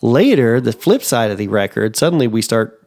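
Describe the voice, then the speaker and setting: A man in the middle pitch range co-hosts a casual podcast chat. He rambles through his thoughts with plenty of fillers and restarts. His voice leaps upward whenever something excites him. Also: normal speed. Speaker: podcast co-host.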